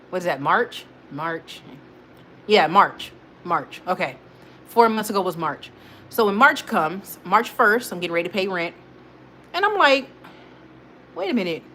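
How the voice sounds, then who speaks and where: A woman's voice: fairly low pitch, a little hiss or hum. A woman hosting a casual live stream, rambling animatedly in slang-heavy speech and talking straight to her viewers. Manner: rambling and animated, talks straight to viewers, frequent laughs and restarts. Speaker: host of a weekly live check-in stream.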